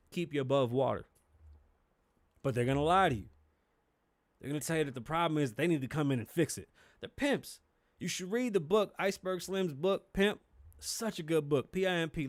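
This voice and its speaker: A man's voice: high-pitched, dry recording. A man in his thirties with a New York accent, hosting a solo podcast and ranting with blunt, profane emphasis. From the Bronx, New York. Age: 30s. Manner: profane, fired-up and emphatic, swings between shouting and muttering. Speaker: podcast host. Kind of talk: opinionated solo podcast rant.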